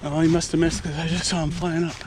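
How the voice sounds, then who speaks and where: A man's voice: on the high side, fast talker. Winded man talking casually outdoors. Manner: casual, excitable when the hawk dives. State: out of breath. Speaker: falconer vlogger. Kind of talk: outdoor hunting vlog narration. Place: outdoors in fields and woods. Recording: outdoor noise behind the voice.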